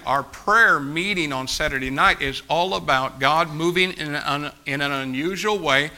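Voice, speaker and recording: A man's voice: on the high side, bright, forceful tone. A man preaching a sermon as pastor, urging and exhorting his congregation with fervent repetition.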